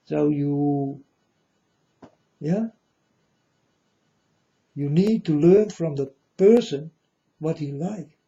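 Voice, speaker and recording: A man talks in a slow, rambling monologue full of profanity, his English marked by non-native grammar. His voice is very dark and heavy with fry. The recording sounds dull and lo-fi. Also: fairly high pitch. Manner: rambling, profane, with frequent "you know". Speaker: self-styled spiritual speaker. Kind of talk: casual spoken monologue.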